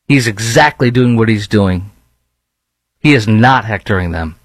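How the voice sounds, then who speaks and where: A man's voice: lowish voice, moderate pace, no echo, rough recording. A man with a Chicago accent hosting a blunt, scornful opinion commentary, rambling with fillers between points. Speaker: commentary host.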